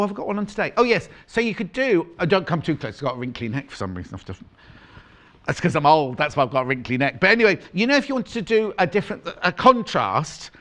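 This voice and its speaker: A man's voice: on the high side, a bit bright. A male TV sewing-show host presenting fabrics in a gushing, rambling way, often breaking off mid-sentence. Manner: gushing, rambling, self-interrupting. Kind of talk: live shopping-channel presenting.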